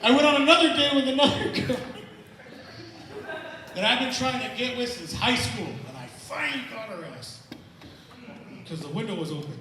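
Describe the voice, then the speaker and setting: A stand-up comedian from El Paso, Texas, working the crowd with brash, profane teasing on a theater stage. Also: male voice, extremely high pitch, lively intonation, normal speed, pauses often, pushed and bright. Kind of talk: stand-up set with crowd work. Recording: echoey theater hall from far off.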